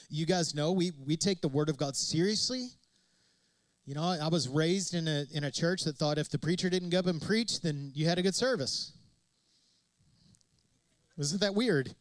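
High-voiced emphatic male pastor preaching. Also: moderate pace, no room sound, poor audio. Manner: emphatic, repetitive preaching with rhetorical questions. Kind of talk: sermon.

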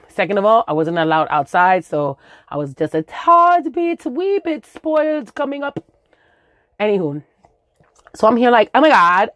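A woman in her forties from the Dominican Republic tells a comic story in a lowish, animated voice. She swears, drops in Spanish words and acts out sound effects. The recording is close and dry, with no room sound. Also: dry recording.

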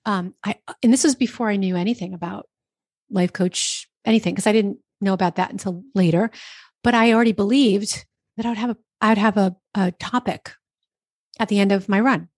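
Woman from New Jersey, podcast guest; chatty, animated storyteller, dry close mic. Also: mid-range voice, brisk, no room sound. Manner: chatty, animated, lots of quoted self-talk. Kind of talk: casual interview storytelling. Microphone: podcast microphone.

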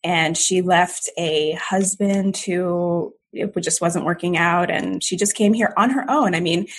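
A woman comedian born in Jamaica and raised in Maryland, telling stories in a playful, quick-witted way as a podcast guest. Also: on the low side, slight background noise. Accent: none, American. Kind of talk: casual interview.

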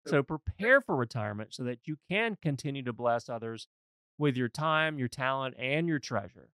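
A male financial advisor hosts a casual podcast chat, earnest and folksy as he presses his points home. His voice is smooth and resonant, sitting at a middle pitch, and it is recorded dry and close. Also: expressive, normal speed, bright, forceful tone, no echo. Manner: earnest, folksy, emphatic advice-giving. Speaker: financial advisor and show host. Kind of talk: conversational podcast discussion.

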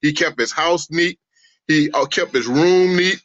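A middle-aged man from St. Louis spins animated family stories and slips into voices for the people in them. His voice sits a little high and bright. The recording is dry and dull, with a low-fidelity edge. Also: unhurried, no room sound. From St. Louis, USA. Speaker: roundtable participant. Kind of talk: casual storytelling among family.

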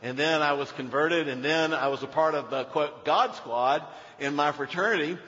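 Male pastor, animated preacher, loud to hushed, a bit high-pitched, muffled recording with long church reverb. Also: moderate pace. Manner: animated, swings from loud emphasis to hushed storytelling. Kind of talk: sermon. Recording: dull sound in a reverberant hall.

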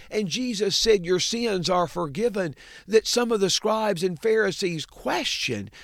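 A man preaching a sermon, swinging from booming emphasis to hushed low drops. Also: gravelly, no echo, studio quality.

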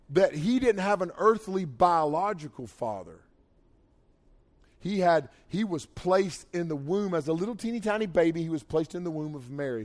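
Man, middle-aged, youth preacher, folksy storytelling, swells and drops in volume. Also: sits high. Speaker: youth pastor. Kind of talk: sermon.

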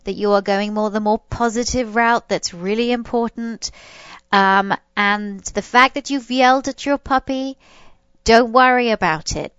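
Female podcast host and dog trainer, smooth voice, dry dull recording, reassuring and loose. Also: mid-range voice, a bit bright, no echo. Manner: reassuring, loose, many restarts. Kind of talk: advice podcast chat.

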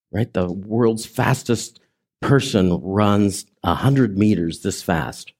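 A man preaching a sermon as pastor, conversational and emphatic, swinging between raised and hushed delivery and drawing the congregation in with questions. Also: sits low, husky. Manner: conversational preaching with audience prompts.

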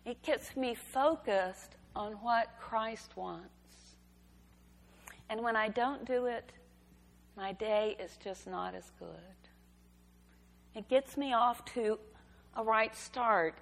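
Slow, gravelly-voiced woman preaching. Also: fairly high pitch. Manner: slow, gentle storytelling delivery. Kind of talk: sermon. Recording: reverberant hall.

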